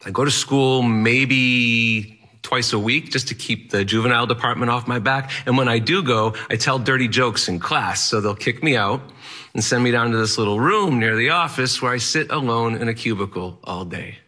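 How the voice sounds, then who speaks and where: A man's voice: medium pitch, normal speed, sharp tone. A man telling a personal story on stage in vivid present tense, with a wry touch.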